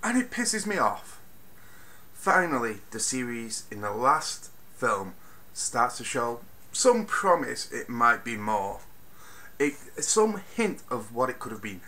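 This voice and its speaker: A man with a medium-pitched voice speaks slowly in a casual film review, ranting animatedly and swinging from mutters to loud bursts. He swears freely and sounds exasperated.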